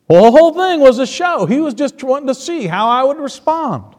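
A man preaching a sermon, shifting between quiet storytelling and emphatic points. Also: extremely high pitch, big pitch swings, a little fast. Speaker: pastor. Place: church sanctuary. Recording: long reverb of a church hall.

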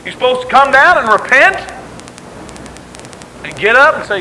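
A man's voice: high voice, very animated, normal speed, long pauses, bright, forceful tone, a little hiss or hum, rough recording. A man preaching a sermon in an emphatic, conversational way, acting out the quotes he tells.

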